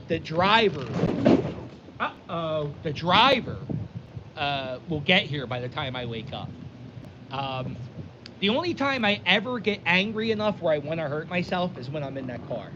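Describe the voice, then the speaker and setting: Outdoors on a windy day, a vlogger rambles through a story, animated and self-deprecating, restarting his sentences again and again. His voice is a little high and a bit slow. The audio is dull and carries wind noise.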